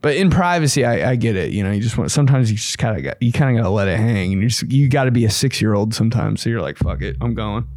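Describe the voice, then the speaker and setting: Lively, crude young man ranting. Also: rapid-fire, few pauses, no room sound, clean studio sound. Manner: animated, crude, puts on shrill voices for bits. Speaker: podcast host. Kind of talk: casual comedic monologue.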